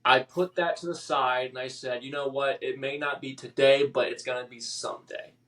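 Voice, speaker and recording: Male guest, mid-pitched, halting emotional storyteller, slightly distant mic. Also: fairly even intonation, a bit bright. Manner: halting, emotional, with many restarts and fillers. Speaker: podcast guest. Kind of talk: personal story in a podcast interview.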